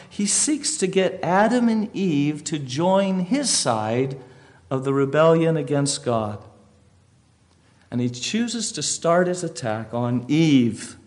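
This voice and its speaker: A pastor preaching a sermon, telling a story emphatically with rhetorical questions. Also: male voice, fairly high pitch.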